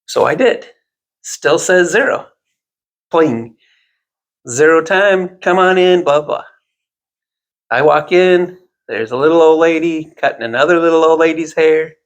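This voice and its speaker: Gravelly man telling a rambling story. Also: fairly high pitch, unhurried. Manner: rambling, animated anecdote with self-deprecating asides. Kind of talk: casual storytelling chat.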